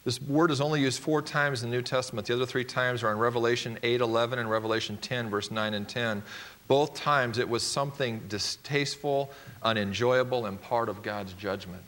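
A male pastor preaching a sermon, emphatic and swinging from loud declarations to hushed, quiet points. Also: mid-range voice, brisk.

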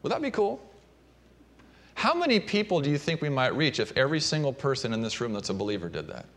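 A man preaching a sermon, shifting between emphatic and hushed delivery. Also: mid-range voice, big pitch swings, fast. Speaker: pastor.

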